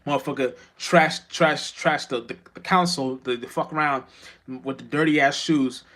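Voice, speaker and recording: A man's voice: mid-range voice, moderate pace, fairly bright tone. A man giving an unscripted spiritual monologue as a vlogger, rambling and profane, with many restarts and stammers.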